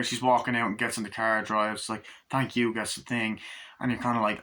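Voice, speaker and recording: A man rambles through a casual movie review in a bright, forward voice. He keeps slipping into quick impressions of the characters' lines. He swears freely as he goes. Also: on the low side, flat delivery. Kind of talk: casual film review, retelling scenes.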